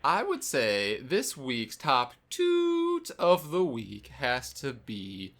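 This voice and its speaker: A man's voice: mid-range voice, huge pitch swings, takes it slowly, fairly bright tone. A man co-hosting a casual gaming podcast, rambling and poking fun at himself. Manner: rambling, self-mocking. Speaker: podcast co-host.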